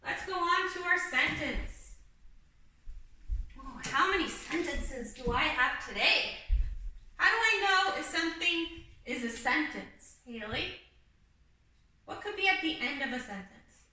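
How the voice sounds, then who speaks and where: A young woman with a high, very bright voice leads a kindergarten lesson in a patient, sing-song teacherly way. She sounds set back from the mic, and the room around her rings with strong echo. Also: lively intonation, unhurried, pauses often. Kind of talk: video lesson for young children. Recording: echoey room, mic at a distance.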